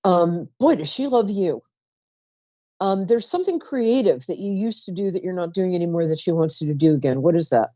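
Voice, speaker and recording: Psychic call-in host, woman, rambling and chatty, lively swooping voice, mellow tone, dry dull recording. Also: lowish voice, fairly quick, dry recording. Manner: chatty, warm-toned asides, trails off mid-sentence. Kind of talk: live call-in psychic reading.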